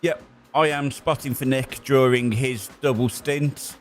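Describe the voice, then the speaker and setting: A young man spotting for a sim racer, calling traffic briskly between jokes. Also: mid-range voice, steady tone, soft background music. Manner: brisk, jokey, calls traffic in short bursts. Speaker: race spotter. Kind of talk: live radio spotting during a sim race.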